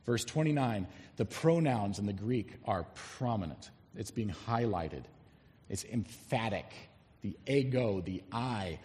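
Animated male preacher in a reverberant hall. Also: on the low side, measured pace. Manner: animated, emphatic, reads scripture aloud. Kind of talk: expository sermon.

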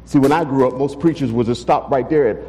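A man's voice: medium pitch, fast, mellow, in a large hall, rough recording. A man preaching a sermon as pastor, emphatic and full of rhetorical questions, in a church sanctuary. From Texas.

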